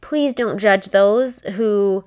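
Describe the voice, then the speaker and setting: A middle-aged mother talks straight to her viewers, rambling and heartfelt as she shares a family story. Her voice sits at an ordinary middle pitch for a woman, and her telling is casual and deeply emotional. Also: drawn-out words, darkish tone, clean tone. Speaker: widowed mother vlogging.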